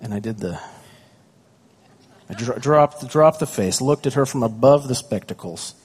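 A man's voice: mid-range voice, expressive, a little slow, a little mellow, slightly rough. A man, a pastor, preaching a conversational sermon with stories about his young children, often asking the congregation questions.

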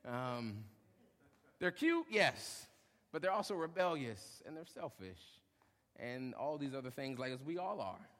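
A young adult male pastor preaching a sermon, lively, acting out short quotes and joking with the congregation. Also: mid-range voice, measured pace. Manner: animated, acts out short quotes, jokes with congregation. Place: church hall. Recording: long hall reverb.

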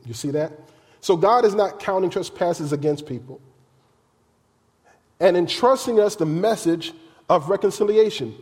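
Male pastor, sermon, animated and colloquial, mellow tone, long reverb. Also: fairly high pitch, a little slow. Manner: animated, colloquial, acts out voices.

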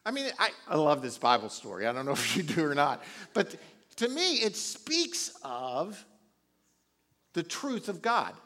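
A man's voice: a little high, sing-song, a little slow, pushed and bright. A man preaching a sermon, retelling a Bible story casually with chuckles and asides. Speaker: pastor.

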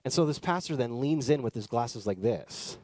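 A man in his thirties from Canada, a pastor telling a personal story in a chatty, animated sermon style. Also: mid-range voice, a little fast, dry recording, studio quality.

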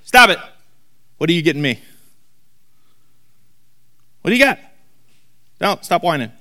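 A selfish parent barks short, impatient demands at a child, as a preacher puts him on. The voice is gruff and drops low, then jumps back up in lively swings. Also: male voice, unhurried, exaggerated voice. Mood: scolding.

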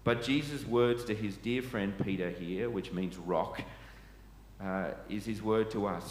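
A man with a low voice preaches a sermon in earnest, putting questions to his listeners. The sound carries a long echo through a large church hall. Faint ambient noise sits beneath it. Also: unhurried.

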